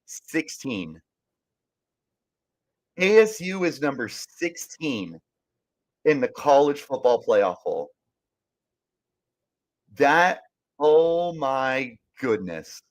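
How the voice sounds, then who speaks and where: A man's voice: mid-range voice, big pitch swings, extremely slow, long pauses. A young man hosting a sports podcast, ranting emphatically and repeating himself in frustration as he reads live comments. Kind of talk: fired-up sports talk, reading live comments.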